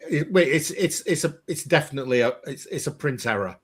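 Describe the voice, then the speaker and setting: A man's voice: on the high side, lively intonation, a little hiss or hum. Hesitant man hosting. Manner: hesitant, halting restarts. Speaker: host. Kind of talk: casual chat.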